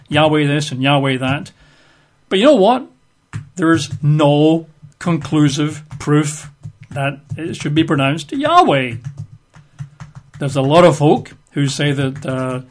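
A man giving an opinionated, plain-spoken talk with wry asides. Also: on the high side. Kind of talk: casual talk to camera.

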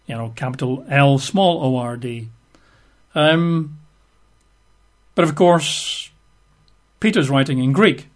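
A man's voice: medium pitch, takes it slowly, long pauses. A man teaching a Bible study in a methodical way, spelling out words letter by letter and posing rhetorical questions. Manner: rhetorical questions, emphatic asides.

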